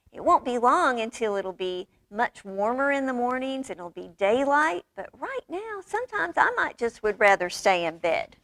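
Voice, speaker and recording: Woman, storytime reader, expressive, high-ish voice, dry close mic. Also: no echo. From United States. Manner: expressive, animated character voices. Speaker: librarian reading a storybook aloud. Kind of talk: children's storytime read-aloud.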